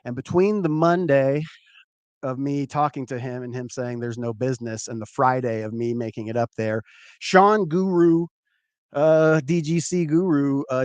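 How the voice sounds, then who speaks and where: A man hosting a show, telling a rambling, animated personal story with swearing. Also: on the high side, smooth, no room sound. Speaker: show host, former comedian. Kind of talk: casual storytelling.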